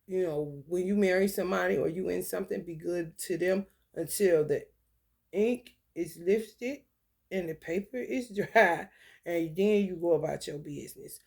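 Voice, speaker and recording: A woman's voice: on the low side, gravelly, darkish tone. A woman, telling blunt, profane stories and reading tarot cards in a casual talk. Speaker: tarot reader.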